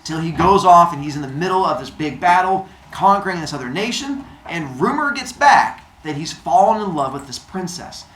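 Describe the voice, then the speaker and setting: A man teaching, telling a story to his class in a casual, chatty and animated way. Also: fairly high pitch, moderate pace, hardly any pauses, roomy sound, slight background noise, rough recording.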